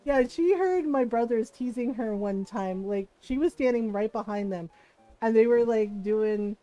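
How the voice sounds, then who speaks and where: A woman's voice: fairly high pitch, measured pace, mellow, dull audio. A woman streamer telling family stories in a casual, giggly, chatty way at a close mic. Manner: giggly, chatty, many restarts. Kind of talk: casual storytelling.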